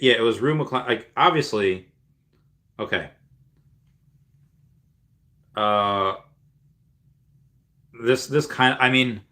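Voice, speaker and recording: A man's voice: on the low side, bright, forceful tone. A man streaming live and chatting casually, reading viewer messages aloud and replying in a rambling way full of fillers and restarts. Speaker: streamer answering live chat. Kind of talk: casual livestream chat.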